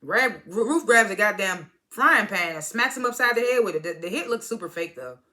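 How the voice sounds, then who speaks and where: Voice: medium pitch, animated, a little fast, pushed and bright. A speaker casually recapping a TV episode, retelling scenes as quoted dialogue, swearing freely and chuckling along. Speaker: TV episode reviewer.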